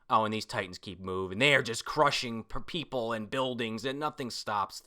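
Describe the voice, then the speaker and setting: Guy reacting to a manga out loud, bright edgy voice, swears a lot, keeps going oh my god. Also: medium pitch, normal speed, few pauses. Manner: excitable, profane, frequent exclamations. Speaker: manga reader reacting to a chapter. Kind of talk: excited read-through commentary.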